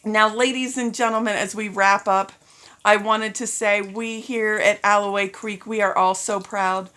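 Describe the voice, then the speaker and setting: A school principal, a woman with a medium-pitched voice, delivers end-of-year announcements at a steady, measured pace. She sounds upbeat and encouraging, calls the students "ladies and gentlemen," and gets a little teary while speaking to students and parents.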